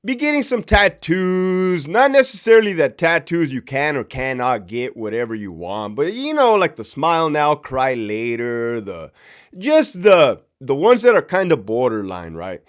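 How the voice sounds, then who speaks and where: A man's voice: on the high side, sing-song, a little slow. A man, a former prison officer, chatting casually and profanely, often laughing as he tells stories. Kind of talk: casual storytelling chat.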